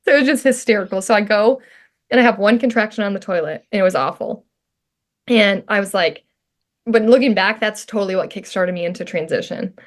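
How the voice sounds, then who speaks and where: A woman guest on a podcast telling her own story casually, chatty and quick to laugh, with lots of filler words. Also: mid-range voice.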